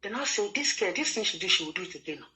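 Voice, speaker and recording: A Nigerian man pours out his story at a quick clip, circling back over the same words as he pleads his case. His voice is bright and forward, and he keeps slipping into the voices of the people he quotes. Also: sits high, very animated, rough recording. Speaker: guest telling his story. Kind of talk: emotional personal testimony.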